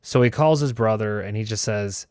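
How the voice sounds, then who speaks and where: A man's voice: fairly low pitch, normal speed, darkish tone, clean tone, dry recording, studio quality. A man hosting a show, telling a story in a loose, casual way, swearing and filling his talk with "like" and "you know". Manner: loose and profane, heavy with fillers. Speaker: host.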